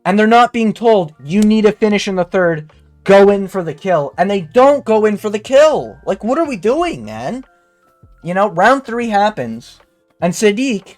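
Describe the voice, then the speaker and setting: A man's voice: high-pitched, lively intonation, a little slow, faint music behind. A young man ranting with frustration and heavy swearing as he breaks down a fight card in casual chat. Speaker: MMA commentator.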